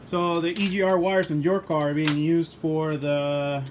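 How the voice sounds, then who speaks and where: A man's voice: fairly high pitch, level tone, unhurried, crowd noise. A man hosting a car channel, chatting casually in his home garage, joking, laughing and swearing as he works. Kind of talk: casual garage chat to camera.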